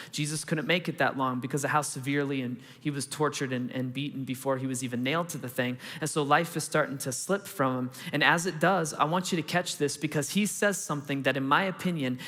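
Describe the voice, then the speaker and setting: A man's voice: medium pitch, sharp tone, in a large hall. A man preaching a sermon as pastor, earnest and conversational, in a large church auditorium.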